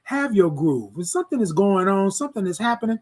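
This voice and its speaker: A man hosting a casual morning livestream, greeting viewers by name with repeated affirmations and lively swings between loud and soft. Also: high voice, fairly quick. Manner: warm, repetitive affirmations, shouts out viewers by name. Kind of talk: casual live-stream chat with viewers.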